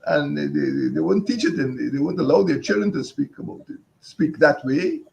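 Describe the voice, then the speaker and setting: A man answering interview questions in a measured, halting way with many restarts. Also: on the high side, expressive, gravelly, darkish tone, poor audio. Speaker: guest.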